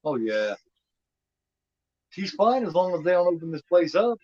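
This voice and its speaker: A man's voice: high-pitched, big pitch swings, moderate pace, a little mellow, no echo. A man in his fifties hosting a casual movie commentary, rambling and repeating himself with lots of "you know what I mean.". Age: 50s. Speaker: host. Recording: dull lo-fi sound.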